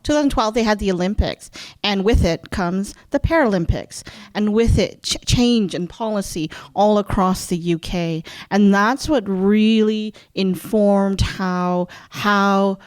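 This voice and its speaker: A woman's voice: medium pitch, a little slow, a little mellow, smooth, dry recording. A woman speaking on a panel discussion, thoughtful and explanatory, repeating phrases as she works through a point.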